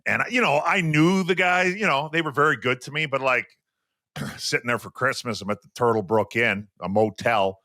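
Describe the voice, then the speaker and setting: A man's voice: mid-range voice, moderate pace, dry recording, clean studio sound. A man in his forties from Western Canada, a former hockey player and podcast co-host, telling stories casually and acting out quotes. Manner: animated storyteller, acts out quotes. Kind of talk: casual storytelling.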